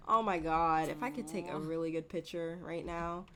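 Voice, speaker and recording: A woman's voice: fairly low pitch, moderate pace, few pauses, crowd noise. A woman giving casual, chatty commentary over her gameplay, giggling and talking straight to her viewers. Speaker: gameplay video host.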